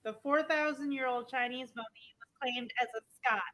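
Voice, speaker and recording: Female co-host, slightly high voice, eager explainer, casual swearing. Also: fairly quick, pushed and bright, low-quality recording. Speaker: podcast co-host. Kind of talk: casual chat.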